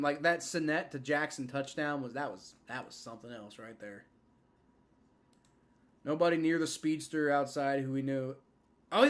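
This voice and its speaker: A young man hosting a live fan stream, giving rambling play-by-play and reaction with many fillers and restarts, getting excited on big plays. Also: a little high. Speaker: livestream host.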